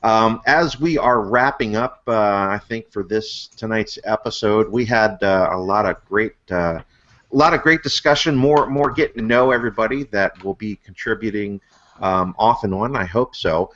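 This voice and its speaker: Man hosting a video call hangout, low voice, lots of fillers, dull lo-fi audio. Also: moderate pace. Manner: frequent "uh" fillers, upbeat shout-outs. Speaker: host. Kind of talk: casual online hangout talk.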